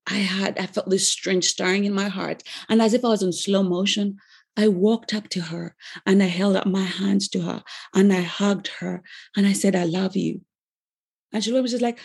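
Woman in her 40s telling her faith testimony, gravelly and kinda husky, earnest, pauses a lot. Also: medium pitch, darkish tone. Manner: earnest, emotional storytelling with pauses and restarts.

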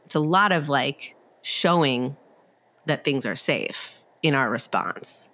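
A woman with a low, grounded voice talks through ideas as a therapist in a relaxed podcast conversation. Her speech is loose and filler-heavy, and it wanders as she thinks aloud. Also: slow pace. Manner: conversational, many fillers, acts out quoted voices. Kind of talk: casual podcast discussion.

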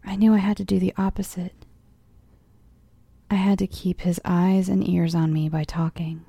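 A woman reads a first-person horror story in a measured way and often sinks to a tense whisper. Her voice is low, gravelly and dark. It sounds dry and close to the mic. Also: level tone, no echo. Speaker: audiobook narrator.

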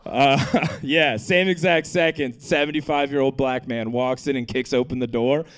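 Man, stand-up comic, handheld stage mic, laughs through punchlines, deadpan asides, comedy club stage. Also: mid-range voice, moderate pace. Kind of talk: stand-up set and banter.

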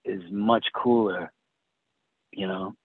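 A man telling a personal story in casual chat, halting and restarting often. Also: lowish voice, steady tone, no echo. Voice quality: husky, halting with many restarts. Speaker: guest. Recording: tinny phone-like sound.

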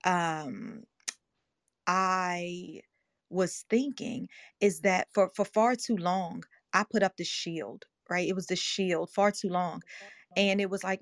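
A woman's voice: mid-range voice, slow pace, no echo, clean studio sound. A woman hosting an online audio room, telling a personal story in a passionate, emotional, earnest way. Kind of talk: passionate motivational talk.

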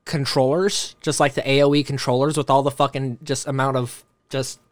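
A man's voice: mid-range voice, level tone, normal speed. A man hosting a podcast, chatting casually with friends, laughing often and swearing freely. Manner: laughing, swearing, easygoing banter. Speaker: podcast host. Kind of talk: casual chat.

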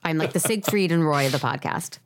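Low-voiced woman in chatty film talk. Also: brisk, very noisy. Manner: chatty, many fillers like "like" and "um". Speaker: podcast co-host. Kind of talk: casual film chat.

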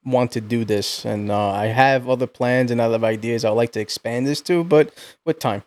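A man's voice: mid-range voice, normal speed, a little mellow. A man from the United States, a podcast guest, talking in an earnest, casual way and repeating words as he builds a point.

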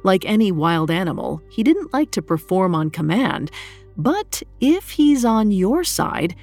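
A woman telling a myth in scripted, measured, dramatic narration. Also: mid-range voice, big pitch swings, darkish tone, faint music behind. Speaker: storyteller.

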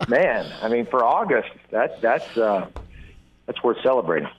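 A man's voice: mid-range voice, sing-song, measured pace, breathy edge. A man calling in as a guest sports analyst, talking conversationally with many fillers. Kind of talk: radio interview by phone. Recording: tinny phone line.

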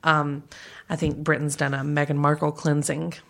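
A woman's voice: low-pitched, flat delivery, normal speed, gravelly. A woman with a Southern American accent, chatting and gossiping casually as a podcast co-host, with lots of fillers and laughter. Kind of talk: casual celebrity gossip chat.

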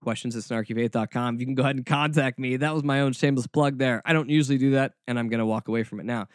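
A man's voice: medium pitch, fairly even intonation, rapid-fire, no room sound. A man hosting a podcast, talking in a snarky, rambling monologue with frequent restarts, close to the mic. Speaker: podcast host. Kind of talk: casual monologue.

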